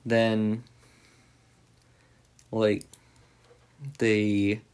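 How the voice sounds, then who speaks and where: A man's voice: on the low side, monotone, very slow, darkish tone, clear, resonant tone. A man giving a casual, rambling spoken recap of a movie, full of "like" and swearing freely. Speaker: movie reviewer.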